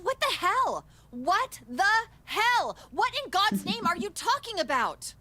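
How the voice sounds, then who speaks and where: A man voicing a brash, foul-mouthed adult woman in a game playthrough, loud and exasperated. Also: very high voice, big pitch swings, unhurried, dry recording, exaggerated voice. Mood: irritated. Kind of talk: let's play character voice.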